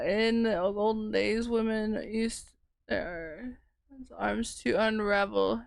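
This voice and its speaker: A woman's voice: medium pitch, steady tone, slow pace, gravelly, dry recording. A woman streamer chatting casually with her live chat while winding yarn, laughing often and reacting to comments.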